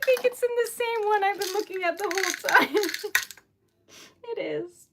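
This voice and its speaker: A woman's voice: very high voice, moderate pace, creaky, heavy background noise. A young woman from Rhode Island hosting a casual livestream, flustered and giggly, stammering a little as she chats. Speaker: livestream host.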